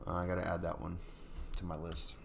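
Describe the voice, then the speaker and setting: A low-voiced man, chatting loosely on a live stream. He rambles and apologizes often, with a faint hiss under the voice. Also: completely flat delivery, a little fast, creaky. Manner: rambling and apologetic, with many fillers. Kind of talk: casual live stream chat and story reading.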